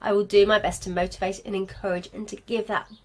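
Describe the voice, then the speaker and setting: A woman's voice: medium pitch, little pitch movement, fast. A woman coaching craft sellers in a live stream from home, chatty and encouraging, with frequent asides. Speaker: craft business marketing coach. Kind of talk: live-streamed class to viewers.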